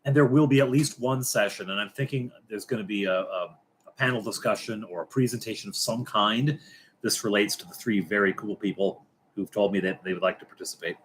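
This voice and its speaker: A middle-aged man hosting a casual late-night livestream, rambling and halting with many fillers and restarts, dropping wry, joking asides. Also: on the low side, a little hiss or hum. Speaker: livestream host.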